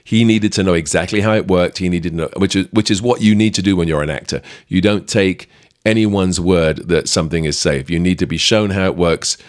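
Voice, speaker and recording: A middle-aged British man hosting a podcast, chatting lively through a behind-the-scenes anecdote with plenty of fillers. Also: sits low, a little fast, no echo, clean studio sound. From Britain. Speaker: podcast host. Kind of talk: storytelling anecdote.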